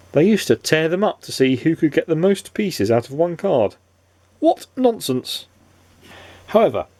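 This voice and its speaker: Dad reading a storybook aloud, playful and very expressive, with a gravelly texture. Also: male voice, medium pitch, no echo. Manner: animated, playful asides to a child listener.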